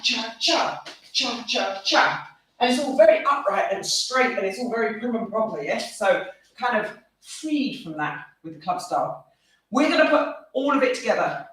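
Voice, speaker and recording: A woman from the UK teaching a live online dance class, chatty and upbeat, counting steps aloud. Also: a little high. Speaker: dance instructor. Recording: echoey room, voice from far off.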